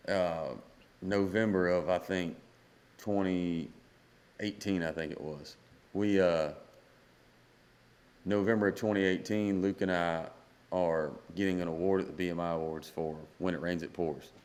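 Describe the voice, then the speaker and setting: A man in his thirties, a country singer-songwriter guest, telling a story and acting out the dialogue. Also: low voice. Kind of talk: storytelling in a podcast interview.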